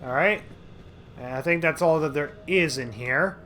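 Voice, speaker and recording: Man, let's play host, casual gameplay chatter, a bit high-pitched, stumbles and restarts often. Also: pushed and bright, slight background noise. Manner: rambling, halting, many fillers and restarts.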